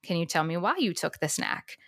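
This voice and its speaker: Woman, low voice, calm, matter-of-fact, teacher, dry close sound. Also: fairly quick, no room sound. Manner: calm, matter-of-fact storytelling with classroom examples. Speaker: Montessori teacher and podcast co-host. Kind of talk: casual podcast discussion.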